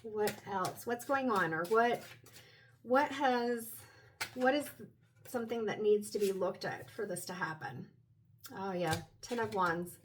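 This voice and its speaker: A woman at home giving a private tarot reading, talking in a gentle, meandering, explanatory way. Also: medium pitch, unhurried, a little hiss or hum, rough recording. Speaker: tarot reader.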